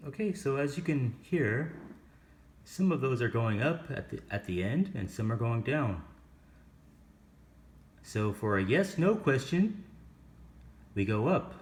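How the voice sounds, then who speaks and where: Slow, patient male English teacher. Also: medium pitch, sing-song. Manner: patient, explains step by step and asks the class questions. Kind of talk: online grammar and pronunciation lesson.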